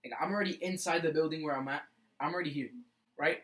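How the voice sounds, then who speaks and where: A young man co-hosting a casual podcast, telling animated school stories full of "like" and "bro.". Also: on the high side, fast talker, rough recording. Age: young adult. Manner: animated storyteller, fills with "like" and "bro". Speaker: podcast co-host. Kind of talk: casual chat.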